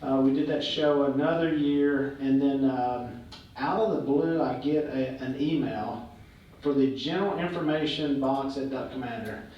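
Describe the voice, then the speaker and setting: A man, a guest speaker, telling stories to a live audience in a relaxed way with many fillers. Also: medium pitch, normal speed, highs cut off. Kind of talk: on-stage storytelling. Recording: echoey hall, heard from a distance, faint noise.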